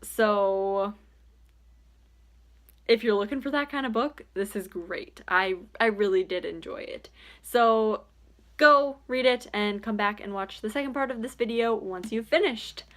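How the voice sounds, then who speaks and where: A young woman casually reviewing a book in a vlog, chatty and animated, with plenty of fillers. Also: medium pitch, measured pace.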